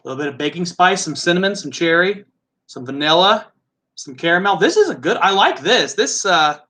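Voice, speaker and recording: A chatty man with a Midwestern American accent hosts a casual live tasting. His voice sits high for a man and has a bright, forward edge. He muses aloud in a loose, easygoing way. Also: very animated, a little fast. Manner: chatty, musing aloud, laughs easily. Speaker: host.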